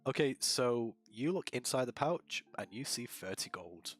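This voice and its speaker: A man's voice: medium pitch, lively intonation, unhurried, husky, soft background music. Casual male dungeon master. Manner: casual, with many fillers, keeps the story moving. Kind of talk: narrating a tabletop game.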